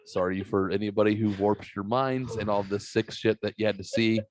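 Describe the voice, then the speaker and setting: A man's voice: lowish voice, flat delivery, a little fast, a crowd in the background. A man hosting a podcast, talking in a profane, rambling, self-mocking way. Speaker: podcast host. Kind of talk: casual podcast banter.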